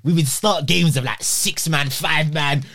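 A man's voice: on the high side, unhurried, slight background noise. A man, telling stories in a casual chat and acting out what people said. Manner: animated, acts out quotes with laughs.

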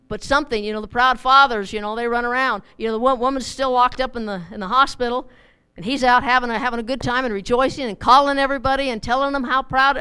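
A woman's voice: fairly high pitch, steady tone, fast talker, sharp tone, clean tone. Chatty middle-aged woman teaching the Bible. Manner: chatty, repeats words, acts out voices.

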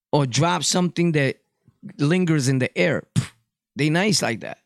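A man's voice: on the high side, measured pace, vocal fry, pauses often, dry recording, studio quality. A Puerto Rican man hosting a podcast, delivering a blunt, profane casual monologue. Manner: blunt, profane street talk. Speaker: podcast host.

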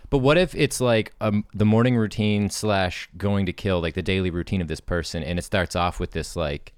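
A man co-hosting a podcast with a smooth voice, talking through ideas in a relaxed, thoughtful way with casual swearing. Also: low-pitched, normal speed, dry recording, clean studio sound. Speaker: podcast co-host. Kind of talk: casual brainstorming chat.

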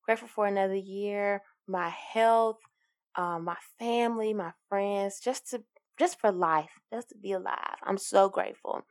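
A woman's voice: mid-range voice, unhurried. A woman, hosting a casual solo podcast in an upbeat, encouraging, giggly way. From Alabama, US. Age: 20s. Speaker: podcast host.

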